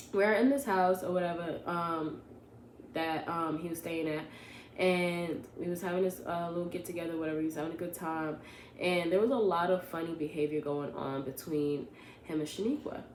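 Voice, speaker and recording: A young woman tells a casual storytime, animated and rambling, stopping to correct herself as she goes. Her voice sits on the low side. The room around her is echoey, with faint ambience behind. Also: slight background noise. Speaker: vlogger.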